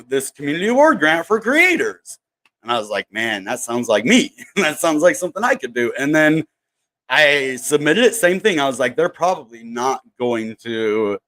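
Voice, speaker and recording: A crypto YouTuber hosts his channel's livestream in a medium-pitched, slightly bright voice. He rambles through casual chat full of fillers and asides, greeting viewers from the chat.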